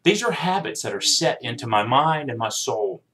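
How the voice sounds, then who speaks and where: A man's voice: mid-range voice, sing-song, moderate pace, bright, forceful tone. Earnest man in his forties. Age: 40s. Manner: earnest, heartfelt, pleading with loved ones. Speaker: vlogger sharing a diet journey. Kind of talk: personal video message. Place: at home.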